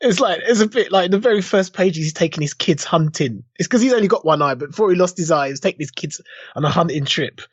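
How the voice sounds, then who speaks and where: A man's voice: sits high, animated, fast, slightly rough, no room sound. A man co-hosting a podcast, chatting casually and acting out quotes in different voices. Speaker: podcast co-host. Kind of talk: casual chat. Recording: dull lo-fi dry sound.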